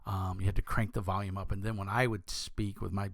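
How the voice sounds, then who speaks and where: A young man with a deep voice, talking casually as a channel host, rambling with many fillers and restarts. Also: flat delivery, a little fast, vocal fry, no echo. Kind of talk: casual talk to camera.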